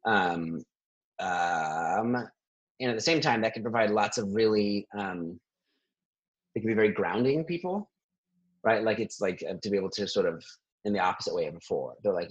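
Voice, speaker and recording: Husky-voiced man, animated and laughing. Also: on the low side, brisk, dull audio. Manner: animated, laughs often between thoughts. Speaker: therapist. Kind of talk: conversational interview.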